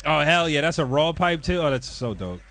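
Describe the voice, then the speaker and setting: Man, guest on live stream, enthusiastic, stumbling repeats, slightly high voice. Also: sing-song, moderate pace, fairly bright tone. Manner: enthusiastic, repeats words, laughs easily. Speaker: network guest. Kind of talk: casual live-stream chat.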